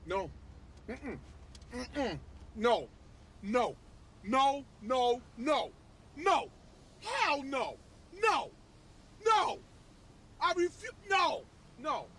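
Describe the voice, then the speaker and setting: A man's voice: very high-pitched, very animated, very slow, pauses often, bright, forceful tone, breathy edge, pitched above the performer's own voice, heavily acted. A man doing an impression of a frantic, jealous man who pleads and refuses again and again. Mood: refusing. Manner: desperate, repeating refusals over and over.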